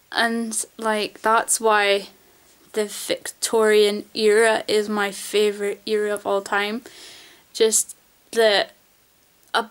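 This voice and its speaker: A woman vlogging in a casual, rambling chat to camera, gushing about things she loves and swearing casually. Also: on the high side.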